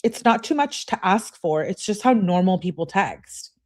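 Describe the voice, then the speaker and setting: A woman's voice: mid-range voice, lively intonation, normal speed, a little mellow, lightly acted. A woman reading aloud as an upset teenage girl, clingy and indignant, complaining in an exasperated way. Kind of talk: reading text messages aloud.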